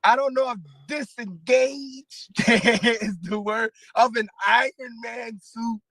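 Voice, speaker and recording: A man in an interview clip, telling a story in a halting, rambling way with many pauses and restarts. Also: very high-pitched, steady tone, fairly bright tone, no room sound, low-quality recording. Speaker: battle rapper in interview clip.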